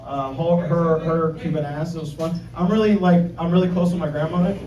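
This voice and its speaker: A man's voice: on the high side, steady tone, a little fast, mellow, dull audio. A man from Miami doing a stand-up comedy set, brash and profane, teasing the crowd. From Miami, United States. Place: comedy club. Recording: echoey club, distant mic, crowd. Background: laughing crowd.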